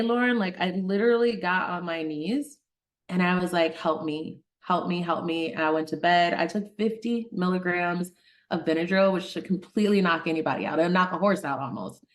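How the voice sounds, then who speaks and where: A middle-aged woman physician from Detroit telling a personal story in an interview, animated, acting out the voices of people she quotes. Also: lowish voice, moderate pace. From Detroit, Michigan. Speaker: guest, physician.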